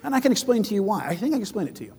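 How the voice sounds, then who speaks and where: A man preaching a sermon, animated and storytelling, acting out the voices of others and rising to shouts at high points. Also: very fast, husky, long reverb tail. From foreign-born, living in southern China. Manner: animated, acts out quoted voices, shouts at peaks; rambling, with frequent restarts in anecdotes.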